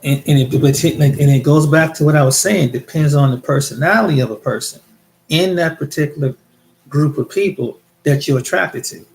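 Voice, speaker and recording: A man's voice: a little high, normal speed, a little mellow, slight background noise. A man from the United States talking in a casual monologue, rambling and repeating words as he tells his experiences. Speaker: vlogger.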